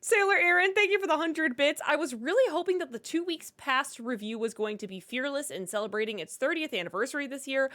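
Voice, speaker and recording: A woman co-hosts a live-stream Q&A and reads out donation thank-yous and viewer questions. Her voice sits high and moves around a lot in pitch. She keeps a casual, chatty tone. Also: expressive, a little fast, hardly any pauses, sharp tone. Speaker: co-host reading viewer questions.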